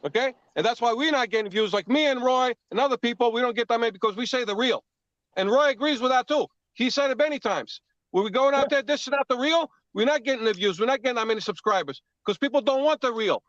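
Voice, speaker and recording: Older man, very high, fast-talking, defensive and repetitive; dull, dry call audio. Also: a bit bright, no room sound. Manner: defensive, insistent, repeats phrases. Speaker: guest streamer. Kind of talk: heated casual debate. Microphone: video call.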